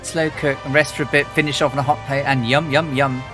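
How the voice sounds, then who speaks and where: A man's voice: mid-range voice, level tone, fairly quick, music in the background. A man from England, chatting casually as a livestream host, rambling with lots of fillers and restarts. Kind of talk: casual chat.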